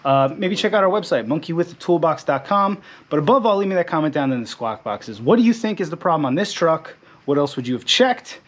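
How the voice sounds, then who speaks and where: A man's voice: a little high, fairly quick. Chatty man explaining car repair. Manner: relaxed, chatty, joking asides with fillers. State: slightly out of breath. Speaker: garage channel host. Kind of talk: casual how-to explainer. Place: home garage.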